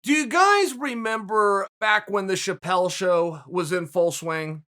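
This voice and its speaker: A man hosting a show, telling a story in a casual, animated commentary monologue full of conversational asides. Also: high voice, unhurried. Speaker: podcast host.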